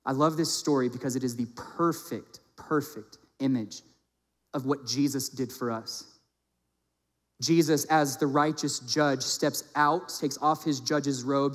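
A man's voice: mid-range voice, fairly even intonation, unhurried. Male preacher, mid-range voice, impassioned sermon storytelling, long hall reverb. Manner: impassioned, rising loud on emphasis and dropping soft for the story.

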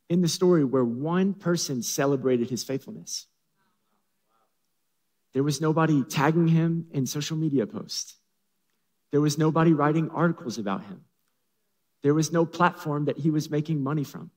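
A man's voice: on the high side, animated, normal speed, pauses often, a little mellow. A man preaching a sermon as a pastor, with dramatic, humorous storytelling, in an echoey hall.

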